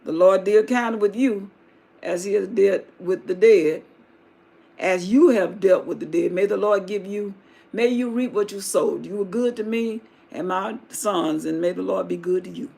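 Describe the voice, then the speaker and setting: A woman's voice: medium pitch, measured pace, creaky, darkish tone, pitched below the performer's own voice. A woman voicing a grieving aging widow who pleads with her daughters-in-law in a folksy, weary way during a live Bible retelling. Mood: pleading.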